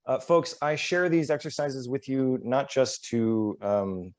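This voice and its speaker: A man presenting a workshop, walking through voice warm-up exercises in a relaxed, self-deprecating way and demonstrating each one aloud, likely over a video call. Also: mid-range voice, unhurried.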